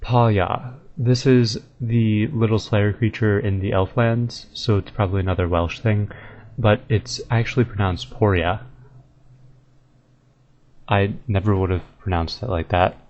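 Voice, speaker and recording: Male gamer, low-ish voice, easygoing commentary, sounds out words carefully; dull home mic, faint hiss. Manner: relaxed, thinking aloud, tries out words slowly. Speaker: video game guide maker. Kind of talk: casual commentary over gameplay.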